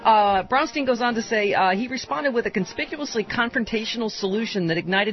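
A woman hosting a talk radio show, her voice high and swooping all over the place. She teases her guests and co-host with quick laughs and an easy, joking manner. The sound is dull and muffled like an off-air radio recording, with faint music underneath. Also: expressive. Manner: playful, teasing, quick laughs. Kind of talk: radio talk show banter and reading aloud.

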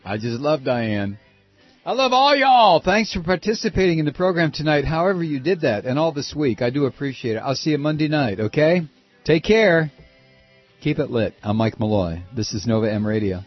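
A man's voice: mid-range voice, animated, brisk, breathy edge, dry recording, highs cut off, faint music behind. A man hosting an evening talk radio show, chatting sympathetically with callers and adding wry asides.

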